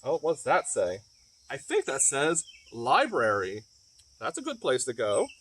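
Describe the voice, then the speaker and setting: A man's voice: mid-range voice, wildly swooping pitch, unhurried, fairly bright tone, a little hiss or hum. A man reading a children's picture book aloud, with playful, chatty asides to the young listeners at home. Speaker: library storyteller. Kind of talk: children's story read-aloud.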